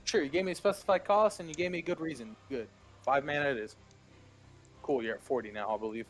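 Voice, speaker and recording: A man narrating as game master of a tabletop role-playing game, halting along with fillers and small chuckles. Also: mid-range voice.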